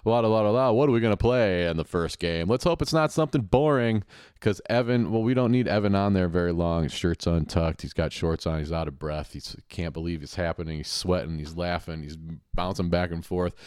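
A man hosting a podcast, giving sarcastic, mocking play-by-play of a TV game show with quick asides. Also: sits low, darkish tone, clear, resonant tone, no echo. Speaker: podcast host.

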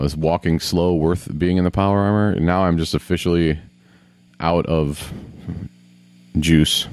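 A man's voice: deep voice, dry recording. A man casually commenting on a video game as he plays, grumbling, swearing and talking to himself. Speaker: gamer.

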